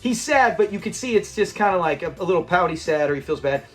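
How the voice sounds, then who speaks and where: A man's voice: sits high, animated, fast, fairly bright tone, faint music behind. A man hosting his own channel, chatting casually and enthusiastically about a classic sitcom in a rambling way. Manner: enthusiastic and rambling, with frequent restarts and quoted lines. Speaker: channel host.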